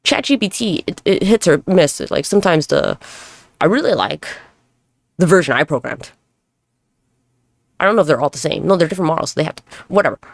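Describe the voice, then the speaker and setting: A woman talks through a casual solo podcast episode with a rough, gravelly edge to her voice. Her pitch leaps and dips constantly as she rambles. She swears freely and mocks herself, and the sound is close and dry. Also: lively intonation, a little fast, long pauses, no room sound. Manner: rambling, profane, self-mocking. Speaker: podcast host.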